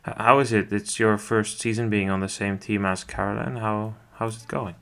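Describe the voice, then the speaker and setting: A man's voice: lowish voice, level tone, moderate pace, pushed and bright. A man hosting a podcast interview, laying out several examples before asking his question. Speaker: podcast host.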